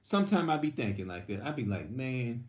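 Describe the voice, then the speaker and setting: A man's voice: medium pitch, sing-song, a little fast, echoey room. A man preaching in a rambling, heated, profane monologue. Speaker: religious video host.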